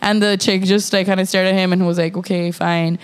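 A woman's voice: medium pitch, fast, clear, resonant tone. A young woman, telling a story in a casual chat. She swears freely and says "like" a lot. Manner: animated storytelling, profane, heavy use of "like".

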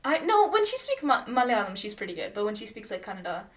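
A woman's voice: mid-range voice, big pitch swings, quick pace, distant mic. A young woman telling stories in casual chat, rambling with many fillers and bursts of laughter.

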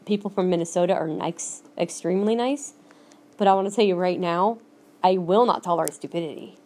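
A woman's voice: lowish voice, brisk, darkish tone. A woman hosting her own podcast, talking alone in a blunt, emphatic way that keeps repeating her points. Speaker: podcast host. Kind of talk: solo podcast rant. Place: lives in Minnesota.

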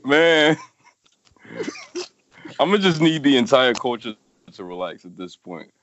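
A man's voice: medium pitch, big pitch swings, slow pace, noisy background. A man in casual film chat, reacting in a laid-back way and swearing. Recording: dull lo-fi recording.

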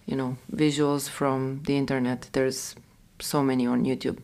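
A woman's voice: rumbling low, level tone, moderate pace, a little mellow. A woman hosting a casual interview, speaking in a thoughtful, hesitant way with "uh" fillers. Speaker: podcast host.

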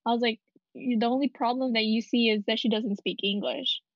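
A woman's voice: a little high, steady tone, a little fast, dry recording, highs cut off. A woman who works at a school, speaking outspokenly in a casual group conversation. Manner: outspoken, quotes herself often. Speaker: school staff member.

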